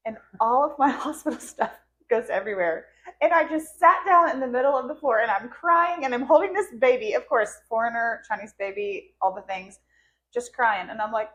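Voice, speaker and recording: A woman's voice: fairly high pitch, brisk, fairly bright tone, dull audio. A woman podcast host telling an emotional personal story in casual conversation, her voice rising and cracking into tearful laughter as she relives moments.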